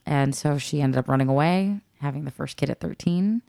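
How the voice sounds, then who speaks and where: A woman's voice: sits low, fairly quick, vocal fry, mellow, no room sound, studio quality. A woman and adoptive parent in a casual podcast chat, reacting sympathetically and sharing her own family's experience. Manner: sympathetic listener with short reactions.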